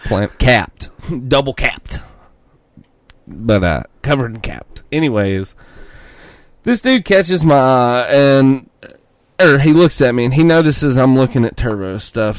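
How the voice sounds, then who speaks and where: A Southern man co-hosting a podcast, telling a story with plenty of swearing. His pitch swings up and down, and he is picked up on a dry, close mic. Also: smooth, no room sound. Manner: profane storytelling. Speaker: podcast co-host. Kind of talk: casual chat.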